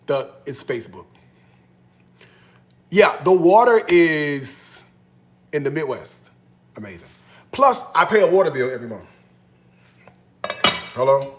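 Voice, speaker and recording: A man's voice: fairly high pitch, very animated, a little slow, long pauses, roomy sound. A man from Chicago hosting a casual cooking show, chatting straight to his viewers in a playful, teasing way.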